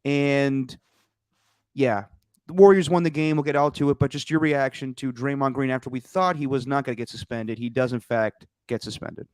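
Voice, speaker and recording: A man's voice: mid-range voice, clean tone, no echo. A man hosting a casual sports podcast, joking and bantering with his co-host. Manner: joking, quick banter, lively asides.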